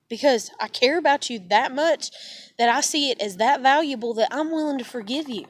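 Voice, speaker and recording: A woman venting in a heated, profane, rambling monologue. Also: sits high. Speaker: vlogger.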